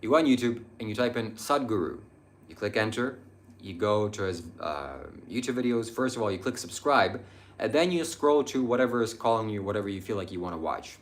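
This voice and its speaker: Young male live-stream host, low-pitched, earnest, meandering delivery full of ums. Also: lively intonation, a little fast. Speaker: livestream host answering viewer chat. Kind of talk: casual live-stream talk on spirituality.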